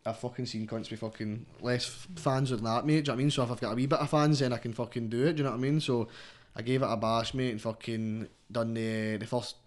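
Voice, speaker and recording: A man's voice: medium pitch, steady tone, quick pace. A young man with a Scottish accent, a guest rapper chatting casually, rambling and swearing constantly, tagging everything with "mate.". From Scotland. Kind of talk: casual interview chat.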